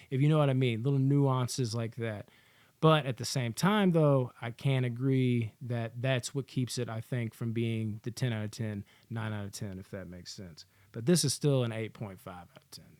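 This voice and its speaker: A man's voice: medium pitch, steady tone, a little fast, darkish tone, no echo. A man giving a casual, rambling movie review, swearing freely and filling his talk with "like" and "you know.". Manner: rambling, profane, candid, lots of fillers.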